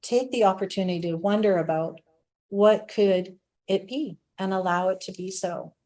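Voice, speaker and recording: A woman's voice: medium pitch, moderate pace, mellow. A woman, a spiritual director, giving a reflective spiritual talk and telling stories, laughing now and then.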